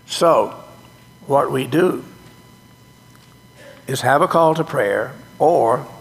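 A man, a pastor teaching his congregation about worship in a sermon, animated with folksy exclamations, in a church sanctuary. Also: a little high, vocal fry. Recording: echoey sanctuary reverb.

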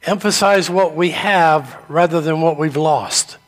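A man preaching a sermon, telling stories slowly and deliberately. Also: a little high. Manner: slow, deliberate storytelling delivery. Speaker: pastor.

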